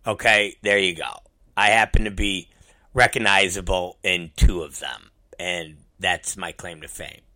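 A man's voice: sits low, measured pace, sharp tone. A man in a casual monologue, rambling and self-deprecating, swearing freely as he goes.

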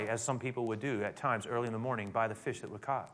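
A man preaching a sermon, retelling a story in a conversational way that swells into emphatic high points. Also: fairly even intonation, fast talker, hardly any pauses, a bit bright. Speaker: pastor.

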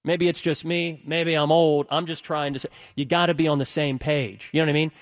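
A middle-aged male radio host talks in a fairly high voice, rambling with restarts and fillers and getting animated as he goes. The sound is dry and close, with no room around it. He talks straight into a studio mic. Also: fairly quick, no echo. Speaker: radio talk show host. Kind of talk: casual radio talk monologue.

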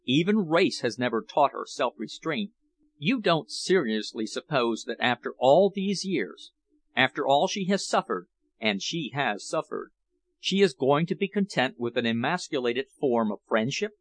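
Audiobook: male reader voicing a grim, formal nobleman, measured tone. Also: mid-range voice, very animated. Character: grave, formal English nobleman.

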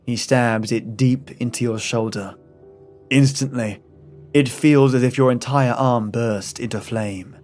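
A man narrating a scripted horror story in the second person, in a measured storytelling manner. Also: medium pitch, fairly even intonation, a little mellow, faint music behind.

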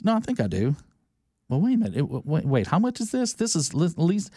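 A man hosting a casual interview, playful and lively as he tells stories and asks questions. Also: sits high, quick pace, no echo, clean studio sound. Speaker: interview host.

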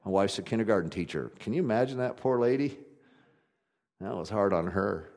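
A man preaching a sermon in a conversational, folksy way, swinging from loud emphatic passages to quiet ones. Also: lowish voice, animated, fairly quick. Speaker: pastor.

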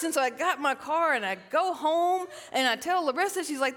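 A middle-aged woman tells stories from a stage in a lively, self-mocking way, often calling the crowd y'all. Her voice rings out with the long reverb of a large hall. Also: high-pitched, fast talker, hardly any pauses, background noise. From South Carolina, US. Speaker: psychotherapist giving a stage talk. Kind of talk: storytelling stage talk.

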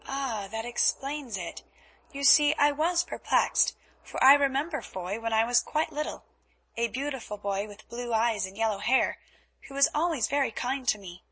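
A woman doing a bright young heiress. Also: a little high, moderate pace, husky. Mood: playful. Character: cheerful young Dutch heiress, playful then frightened.

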